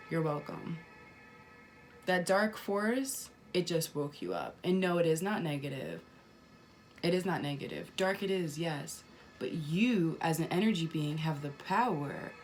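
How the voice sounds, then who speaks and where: A woman with a somewhat low voice talks straight to camera about spirituality. She hammers her points home by repeating them and drops casual swears along the way. Faint music plays behind her. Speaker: spiritual vlogger.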